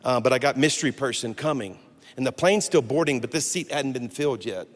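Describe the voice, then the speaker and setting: Animated storytelling pastor in a reverberant hall. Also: male voice, mid-range voice, brisk. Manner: animated, humorous, self-interrupting storyteller. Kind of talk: storytelling sermon. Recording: long hall reverb with faint music.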